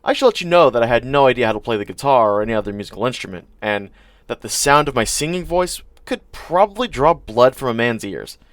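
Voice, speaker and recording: A man's voice: mid-range voice, lively intonation, quick pace, dry recording. A man narrating a first-person audiobook in a dry, wry storytelling manner.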